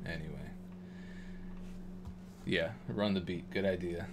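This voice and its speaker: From Madison, Wisconsin, this deep-voiced man works as a producer on a live stream, chatting in a loose, joking way. His tone is steady and his pace slow, he rambles and restarts sentences often, and a faint hiss lies beneath his voice.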